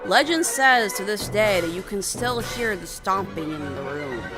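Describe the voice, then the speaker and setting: A woman narrating a story casually for her channel, animated and full of exclamations. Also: mid-range voice, a little slow, over music. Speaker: storyteller youtuber.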